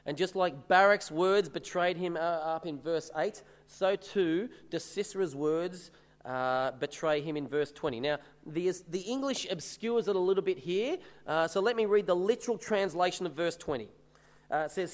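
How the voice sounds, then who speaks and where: High-voiced man preaching in a hall. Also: normal speed. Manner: earnest, emphatic preaching with verse readings. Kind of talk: sermon.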